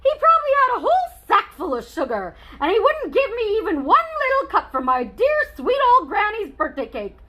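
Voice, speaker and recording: A woman's voice: extremely high pitch, wildly swooping pitch, fairly quick, hardly any pauses, bright, forceful tone, voice pushed up, exaggerated voice, low-quality recording. A woman reading a children's book aloud as a chatty, wry male wolf telling his side of the story.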